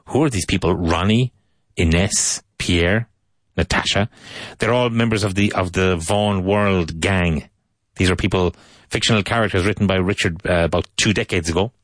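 Man, deep voice, dry close sound, English teacher, slow repeated drills. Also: dry recording. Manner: repeats words slowly for learners to copy. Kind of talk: language lesson with spoken drills.

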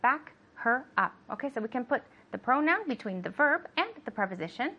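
A woman's voice: on the high side, sing-song, fast, highs cut off. A woman teaching English, giving sentences to translate and encouraging her student with frequent okays. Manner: patient, encouraging, says "okay" often. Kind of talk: bilingual language lesson.

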